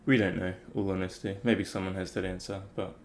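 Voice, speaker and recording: A man's voice: low-pitched, flat delivery, a little fast, darkish tone, slight background noise. A man thinking aloud in a casual, reflective talk about meditation, rambling with many fillers. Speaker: meditation vlogger.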